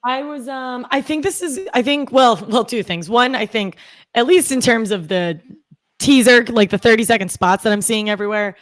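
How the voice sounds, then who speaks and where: A woman's voice: on the high side, moderate pace, dry recording. A woman with a Boston accent talking casually as a podcast co-host. She starts her sentences hesitantly and uses plenty of fillers. The recording is dry and close, with no room sound.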